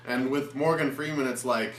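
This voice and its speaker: Halting, flustered man co-reviewing a film. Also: medium pitch, reverberant, a little hiss or hum. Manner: halting, flustered, searching for words. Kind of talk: casual review chat.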